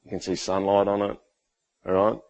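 A man in his thirties preaching a sermon in a church hall, animated and joking, acting out stories with sudden jumps in voice. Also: lowish voice, moderate pace, gravelly. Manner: animated, jokey, acts out his son's lines. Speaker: pastor.

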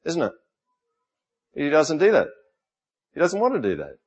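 A man's voice: a little high, wildly swooping pitch, normal speed, breathy edge. Conversational Australian preacher, middle-aged man. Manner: conversational, with frequent rhetorical questions to the congregation. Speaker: pastor. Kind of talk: sermon.

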